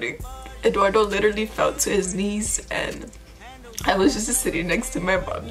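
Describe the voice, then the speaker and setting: A woman in a vlog, recounting a personal loss in a halting, emotional way, full of fillers and restarts. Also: medium pitch, steady tone, faint music behind, rough recording. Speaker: vlogger. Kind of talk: personal storytelling.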